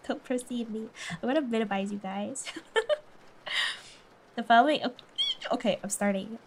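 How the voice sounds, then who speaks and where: Giggly girl streamer reading a book out loud, kinda high voice, faint hiss behind. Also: measured pace, long pauses. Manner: giggly, chatty, breaks off often to laugh. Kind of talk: casual chat and reading aloud.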